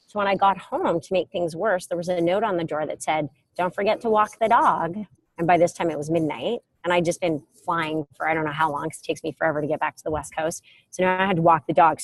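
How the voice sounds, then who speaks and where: A middle-aged woman giving a casual motivational talk, telling stories with lively acted quotes, speaking from an airport. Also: fairly low pitch, dry recording. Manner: animated storytelling with acted quotes. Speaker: self-help speaker.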